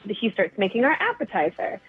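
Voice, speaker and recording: A woman's voice: medium pitch, big pitch swings, a little fast, soft background music. A woman calling into a radio show, telling a dating story with amusement. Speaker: caller. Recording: tinny phone line.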